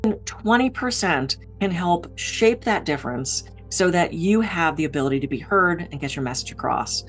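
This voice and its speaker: High-energy, direct woman speaker. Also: animated, moderate pace, soft background music. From Pittsburgh, USA. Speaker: keynote speaker. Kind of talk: motivational talk to camera.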